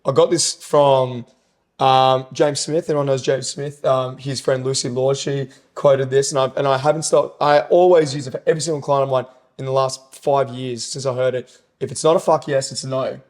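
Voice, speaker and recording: A man's voice: medium pitch, steady tone, moderate pace, darkish tone. A personal trainer on a laid-back podcast, explaining his ideas with eager, rambling energy. He swears casually and circles back to his points as he talks. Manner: enthusiastic, rambling, swearing, quoting sayings.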